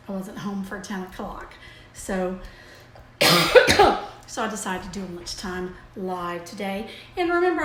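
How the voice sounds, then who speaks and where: An older woman with grandchildren hosting a casual live video from home, rambling warmly with many fillers and restarts. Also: medium pitch, a little hiss or hum. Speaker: host of a daily live video. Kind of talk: casual live-stream chat. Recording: echoey room with faint ambience.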